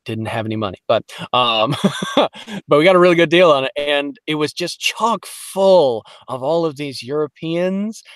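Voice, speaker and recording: A man from Detroit, a voice actor guest on a podcast, telling lively stories in casual chat and slipping into quick voices. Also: medium pitch, dry recording, studio quality. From Detroit, Michigan. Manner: animated storyteller, slips into quick voices.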